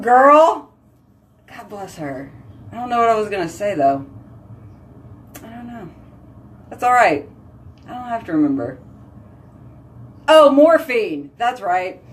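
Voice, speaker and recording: Woman host, casual chat, filler-heavy, animated and talkative. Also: medium pitch. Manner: chatty, heavy use of "like", animated exclamations.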